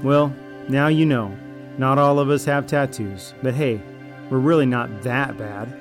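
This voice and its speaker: A man's voice: mid-range voice, fairly even intonation, a little slow, soft background music, close to an everyday voice. A man voicing a manipulative male raider in an audio drama, falsely friendly and then arrogant and threatening. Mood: smug, menacing. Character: smug, deceitful male raider, manipulative and menacing.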